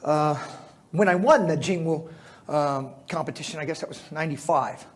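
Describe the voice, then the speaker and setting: A middle-aged American man with a high voice tells stories to a live crowd. He laughs often and talks in animated bursts full of fillers and restarts. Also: normal speed. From United States. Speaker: speaker at a fitness symposium. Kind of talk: storytelling talk to a live audience.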